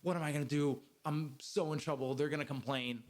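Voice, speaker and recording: A man's voice: on the high side, steady tone, brisk. A man telling a restaurant story in casual chat, rambling with restarts and laughing at himself. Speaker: server sharing work stories.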